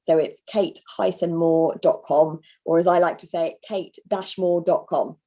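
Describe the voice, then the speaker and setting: A woman in her thirties talks as an author guest on a video call. Her voice sits on the low side, and she keeps up a chatty, self-deprecating flow with quick asides. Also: steady tone, dark tone. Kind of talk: conversational interview over video call.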